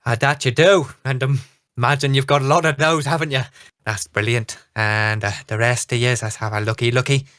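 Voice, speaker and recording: A man's voice: mid-range voice, normal speed, a bit bright, clear, resonant tone, dry recording, clean studio sound, natural voice. A man voicing a flustered, chatty male halfling pirate captain with a thick brogue, rambling with ums and compliments. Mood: jovial.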